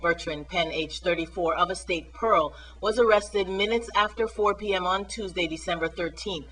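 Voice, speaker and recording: A woman news reporter with a lowish but bright voice, reading a crime story from a script. Her delivery is crisp and formal. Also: moderate pace, rough recording.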